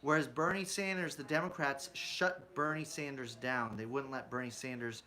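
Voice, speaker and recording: Channel host, male, bright tense tone, ranty political commentary full of rhetorical questions. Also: mid-range voice, steady tone, moderate pace. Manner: ranting, asks rhetorical questions, often adds "right?"; mocks opponents with put-on quotes.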